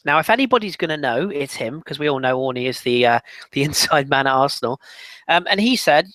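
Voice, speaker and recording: A man on a football podcast panel, talking casually with animated emphasis and frequent restarts. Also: on the high side, a little fast, no echo.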